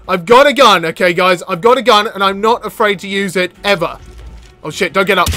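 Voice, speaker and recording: A man giving excitable let's-play commentary as a gaming YouTuber, yelping, cackling and chattering at the game. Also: high-pitched, brisk, faint music behind.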